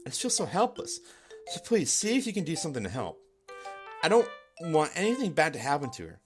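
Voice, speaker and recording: A small, feisty teenage girl speaks in a blunt, pushy way, as a man reads her lines aloud in his own voice. Her tone is lively, and soft game music runs underneath. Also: fairly high pitch, a little fast, pitched above the performer's own voice. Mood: worried. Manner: pushy, then earnest.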